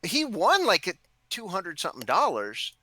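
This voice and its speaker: Lively, bright-voiced veteran man. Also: sits high, moderate pace, slightly rough, no room sound. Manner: animated, wry storyteller. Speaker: guest, army veteran. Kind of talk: casual storytelling chat.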